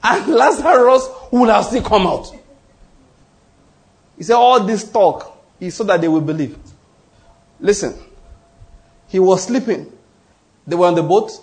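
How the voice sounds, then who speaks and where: A man preaching a sermon in an emphatic, animated way, often repeating his points and acting out quoted voices. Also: sits high, a little slow, long pauses. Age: adult, goes to the gym.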